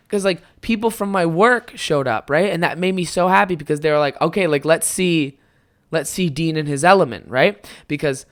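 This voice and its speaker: Young man, podcast host, casual solo storytelling, rambling, swears a lot, slightly high voice. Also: clear, resonant tone.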